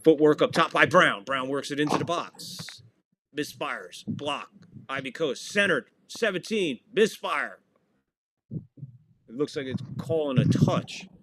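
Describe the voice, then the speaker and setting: Lively joking male match commentator. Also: a little high, unhurried. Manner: jokey, playfully mangles foreign words. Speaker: podcast host and commentator. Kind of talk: casual live play-by-play commentary.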